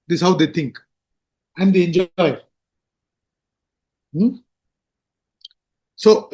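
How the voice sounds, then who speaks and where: Slow, high-pitched male teacher. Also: mellow. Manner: slow, explanatory, rhetorical asides. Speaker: spiritual teacher. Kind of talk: scripture discourse.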